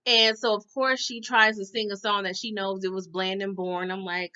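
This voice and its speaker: A woman's voice: mid-range voice, little pitch movement, normal speed, few pauses, sharp tone, clear, resonant tone. A woman recapping a TV episode in casual chat, with sassy slangy asides and lots of "you know" and "okay?" tags. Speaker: TV recap reviewer. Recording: dull lo-fi sound.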